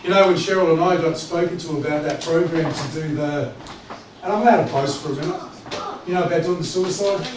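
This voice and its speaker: A man preaches with lively, joking, conversational energy, his voice sitting a touch high. He is heard from a distance in a very echoey church hall with clear background noise. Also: fairly quick. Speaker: pastor. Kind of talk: sermon.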